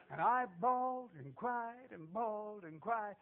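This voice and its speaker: A man preaching a folksy, emphatic sermon in a church, swinging between shouts and hushed tones. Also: high-pitched, animated, measured pace. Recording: tinny phone-like recording.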